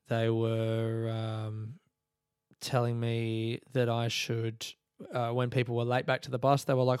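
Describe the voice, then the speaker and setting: A man's voice: medium pitch, darkish tone, clear, resonant tone, no echo. Guy ranting on his podcast, lots of swearing and laughing, dead dry sound. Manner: swearing, storytelling, quotes others in voices; laughs through his stories. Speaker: podcast host. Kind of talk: casual monologue podcast.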